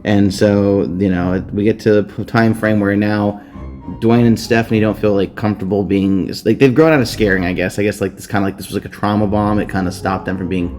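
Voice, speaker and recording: Casting note: low-voiced male podcast host, casual crude recap, rambling, faint music behind. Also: steady tone, a little fast, darkish tone. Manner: crude, rambling, swears freely. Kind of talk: casual comedic book recap.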